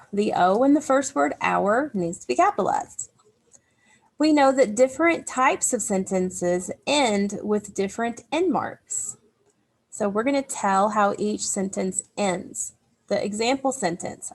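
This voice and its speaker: A woman's voice: mid-range voice, measured pace, vocal fry, a little mellow. A woman teacher giving a recorded online class, patiently explaining grammar step by step to young pupils. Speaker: elementary school teacher.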